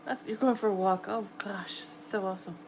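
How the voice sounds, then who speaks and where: A woman's voice: mid-range voice, fairly quick, a little mellow, slight background noise, poor audio. A middle-aged woman with a New York accent, chatting casually and encouragingly with viewers on a late-night livestream. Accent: American, New York. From New York area, US. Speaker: livestream host. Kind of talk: casual live chat reading comments. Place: home at night, quiet room.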